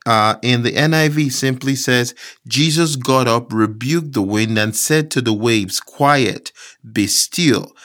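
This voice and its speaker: Male preacher, sermon delivery, measured scripture reading, climbing to fervent emphasis, mid-pitched. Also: a bit bright. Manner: builds from low and measured to raised, emphatic preaching; slows down to read scripture aloud.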